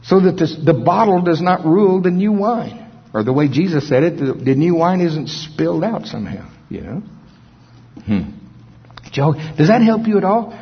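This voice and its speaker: A man preaching a sermon in a church service, animated, swinging from loud bursts to soft asides. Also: on the high side, moderate pace, husky. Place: church hall. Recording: muffled sound in a long-echo hall.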